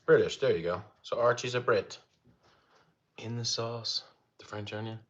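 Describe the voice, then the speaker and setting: There is background noise as a young man, speaking at a moderate pace, hosts a casual cooking livestream and chats easily with viewers. Easygoing and rambling, he raises his voice higher for his dogs. The lo-fi recording is slightly dull.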